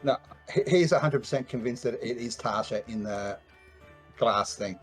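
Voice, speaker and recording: Male player, playful and joking, mid-pitched, faint music behind. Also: moderate pace. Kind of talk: casual tabletop play.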